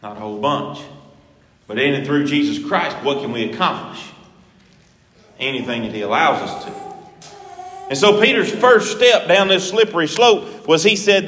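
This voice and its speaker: A man preaching a sermon, lively and acting out the scripture he quotes. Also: a little high, normal speed, long pauses. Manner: animated, acts out scripture quotes. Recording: echoey hall with long reverb.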